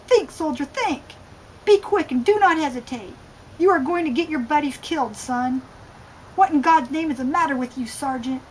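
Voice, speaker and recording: A raging male army colonel screams orders, his voice harsh and pitched high, as a woman reading her novel puts him on. The shouts come close with a faint hum of room noise behind. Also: normal speed, lightly acted, rough recording. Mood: shouting.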